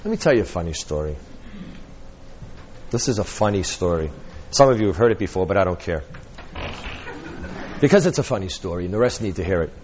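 A man teaching a workshop, an animated storyteller who acts out quotes and laughs often. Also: low-pitched, brisk, long pauses, muffled recording, slight background noise. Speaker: hypnotherapy trainer.

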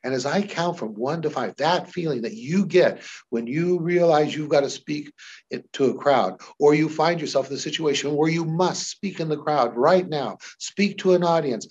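Husky man teaching hypnosis, lo-fi sound. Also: on the high side, normal speed. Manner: animated, shifts voice dramatically for demos. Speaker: hypnosis trainer. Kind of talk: teaching demonstration with voice examples.

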